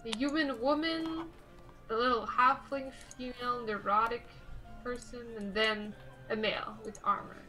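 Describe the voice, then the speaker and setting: High, bright-voiced woman playing a tabletop game. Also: steady tone, normal speed, soft background music, rough recording. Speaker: player. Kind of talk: tabletop role-play.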